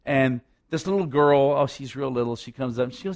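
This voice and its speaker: A man's voice: mid-range voice, fast, a little mellow. A male pastor preaching a sermon, emphatic and repetitive, with rhetorical asides to the congregation.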